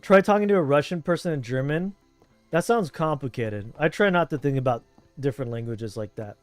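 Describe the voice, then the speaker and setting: A man's voice: fairly high pitch, brisk, dry recording, faint music behind. A man from Southern California with a Southern Californian accent, streaming a game and chatting casually in a rambling, laid-back way. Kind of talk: casual chat while gaming.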